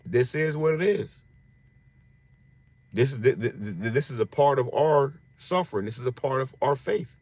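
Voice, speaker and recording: A man's voice: mid-range voice, expressive, moderate pace, a little mellow, no room sound. A man giving an informal scripture teaching in slangy street talk, often repeating phrases and restarting his words. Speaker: religious teacher.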